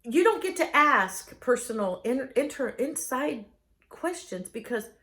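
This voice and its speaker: A middle-aged woman delivers a humorous advice talk in a higher than usual, very animated voice. She is chatty and pokes fun at herself, and she slips into little voices for the people she quotes. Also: unhurried. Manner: chatty, self-mocking, acts out quoted people. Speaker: speaker giving advice.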